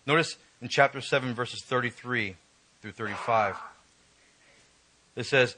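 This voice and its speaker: A male preacher giving an emotional, emphatic sermon, reading scripture and rising in pitch when stirred. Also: a little slow, pauses often, sharp tone, low-quality recording.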